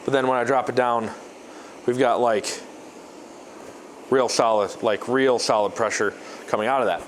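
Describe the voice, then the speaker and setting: Halting man explaining his workshop build. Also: mid-range voice, steady tone, slight background noise. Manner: rambling, halting, restarts often. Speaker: maker vlogger. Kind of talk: casual workshop demonstration.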